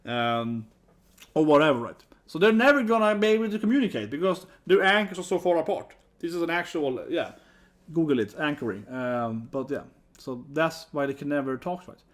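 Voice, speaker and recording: A man's voice: fairly high pitch, animated, moderate pace. A man giving a casual, rambling commentary vlog, often tagging sentences with 'right?'. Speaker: YouTube commentator.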